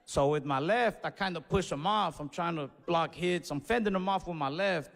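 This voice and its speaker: Guy doing standup, kinda high voice, swears a lot, yells out bits, long echo from a big room. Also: normal speed. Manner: animated, with sudden shouted bursts; casual and profane. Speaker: stand-up comedian. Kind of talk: stand-up storytelling. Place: stage of a large venue, recorded live. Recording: reverberant live venue with faint ambience.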